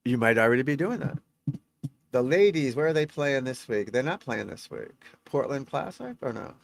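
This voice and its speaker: A man's voice: mid-range voice, lively intonation, moderate pace, vocal fry. A middle-aged man, a golf instructor, chatting on a live stream, reading out scores and talking to viewers in a rambling, talkative way.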